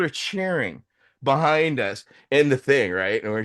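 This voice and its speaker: A man's voice: medium pitch, expressive, moderate pace, a bit bright, clear, resonant tone, no room sound, studio quality. A middle-aged man on a podcast, telling a story in casual talk, swearing freely and acting out what others said. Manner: swearing, acts out quoted voices. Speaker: podcast host.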